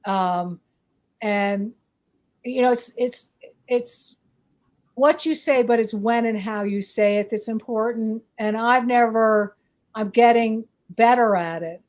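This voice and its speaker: A woman's voice: on the high side, slow, a little mellow. A woman chatting casually as a guest, rambling and hesitant, with many fillers. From northeastern United States. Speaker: psychic guest. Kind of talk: casual chat.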